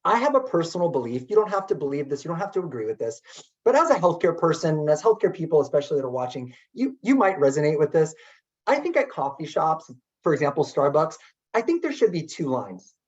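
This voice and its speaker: Animated middle-aged male storyteller, lively pitch. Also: fast. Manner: animated and chatty, many "like" fillers. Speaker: keynote speaker. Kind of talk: storytelling webinar talk. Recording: dull lo-fi webinar audio.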